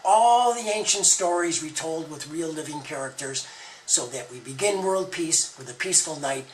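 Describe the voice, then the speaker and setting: A man's voice: fairly high pitch, moderate pace, recorded from a distance, slight background noise, low-quality recording. A man retelling an ancient story as a monologue, with playful wordplay. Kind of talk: retold scripture as a spoken monologue.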